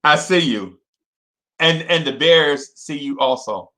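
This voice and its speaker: A young man hosting a casual fan livestream, repeating himself and shouting out viewers by name. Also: a little high, expressive, takes it slowly.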